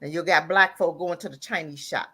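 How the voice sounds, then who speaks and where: This caller's voice is bright, forceful and husky, with a steady tone and a fairly quick pace. Phoning in to a live talk show, she delivers an impassioned rant full of repeated lines, laughing at times and rising to a near-crying pitch.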